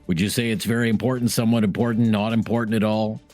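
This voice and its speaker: A man hosting a radio call-in show, briskly steering callers with short acknowledgments. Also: on the low side, level tone, darkish tone, soft background music. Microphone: studio microphone.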